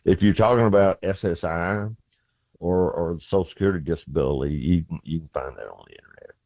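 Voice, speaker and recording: A middle-aged Southern man with a very low voice explains the law in a plain, folksy way, full of everyday examples. He comes through a thin, tinny telephone line on a talk-radio call-in show. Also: a little fast, no room sound. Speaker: constitutional lawyer, legal guest. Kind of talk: casual legal advice on call-in radio. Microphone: phone line into studio.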